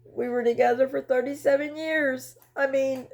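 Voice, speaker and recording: An older woman talking candidly about her grief in a personal vlog, emotional and halting, often repeating words as she searches for them. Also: sits high, fairly even intonation. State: widowed, tearful. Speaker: vlogger sharing her grief journey.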